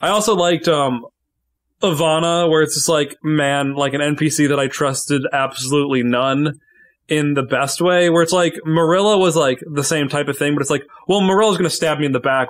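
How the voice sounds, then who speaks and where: A man's voice: on the high side, fairly even intonation, normal speed. A man chatting casually on a podcast about favorite moments from a tabletop game, rambling with many fillers.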